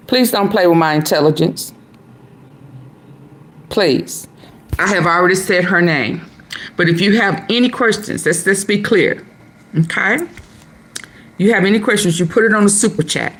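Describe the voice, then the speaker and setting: A woman's voice: on the low side, measured pace, long pauses, a bit bright, slight background noise. A woman hosting a live stream, bluntly scolding viewers and telling them to use super chats. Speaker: livestream host.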